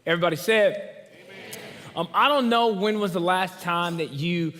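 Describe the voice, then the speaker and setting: Young male pastor, high bright voice, lively storyteller, church hall reverb. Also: normal speed. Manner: animated storytelling, acts out quoted voices. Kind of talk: sermon. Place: church auditorium.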